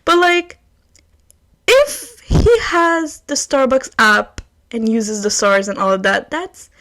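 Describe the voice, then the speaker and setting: A young woman, hosting her own podcast and telling a story in casual chat, swinging from loud outbursts to hushed asides. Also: high voice, lively intonation, slow. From Quebec, Canada. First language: French. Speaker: podcast host.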